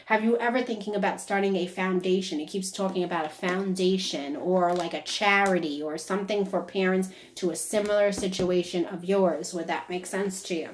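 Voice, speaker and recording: A woman's voice: fairly low pitch, a little hiss or hum. Chatty woman giving a medium reading. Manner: chatty, keeps checking in with questions; relays messages as quoted speech. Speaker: psychic medium.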